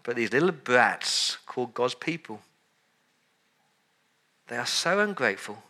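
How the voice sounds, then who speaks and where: Male pastor, sermon, very bright voice, emphatic, repeats words for emphasis. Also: mid-range voice, very animated, unhurried.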